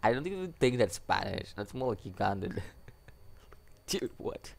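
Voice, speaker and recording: A man casually commenting on a story game as he plays it. He is chatty and self-mocking, often laughing at himself. His voice sits a little low. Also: sing-song, a little slow, vocal fry, pauses often. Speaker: gaming video creator. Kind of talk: casual let's-play commentary.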